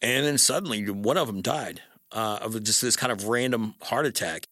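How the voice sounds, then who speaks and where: A man's voice: lowish voice, a bit bright, no echo, studio quality. Wry man telling a personal story. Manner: wry, conversational, halting with fillers.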